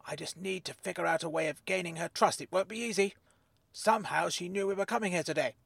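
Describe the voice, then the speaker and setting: A man voicing an eager, chatty freelance reporter in an audiobook, talking in an animated, jovial and theatrical way. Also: high-pitched, quick pace, creaky, no echo, full character voice. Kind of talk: audiobook character voice.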